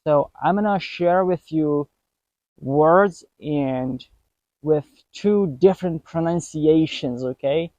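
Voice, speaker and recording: Slow, deliberate male pronunciation teacher. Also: a little high, darkish tone, dry recording. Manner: deliberate, repeats each word twice for contrast. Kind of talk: pronunciation lesson. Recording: dry, dull lo-fi voice recording.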